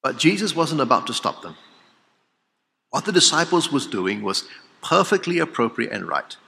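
A man preaching a sermon, swinging from loud exclamations to hushed, solemn lines. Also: medium pitch, big pitch swings, normal speed, creaky. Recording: long hall reverb.

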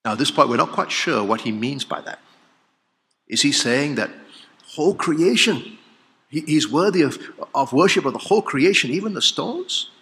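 A man delivers a sermon in a large hall with a long, ringing reverb. His voice is bright and fairly high, with a lively, swooping pitch. He moves between loud exclamations and quiet, solemn lines. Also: moderate pace. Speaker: preacher.

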